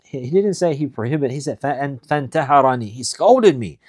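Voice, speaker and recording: A man teaching a religious lesson. He reads Arabic passages quickly, then explains them in English, repeating his key points with emphasis. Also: medium pitch, expressive, darkish tone, husky, no room sound, studio quality. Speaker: Islamic studies teacher. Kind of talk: recorded lesson explaining classical texts.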